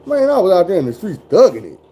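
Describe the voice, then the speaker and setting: A man's voice: sits high, huge pitch swings, fast, dark tone, husky, low-quality recording. A man in his forties telling stories in casual chat, blunt and full of cursing. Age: 40s. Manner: profane, blunt, drawling storyteller.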